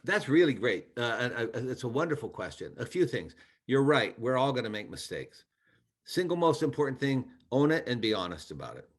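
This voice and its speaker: A man's voice: mid-range voice, very animated, a little fast. A man, a former congressman, speaking in an online training talk, giving earnest advice with frequent restarts.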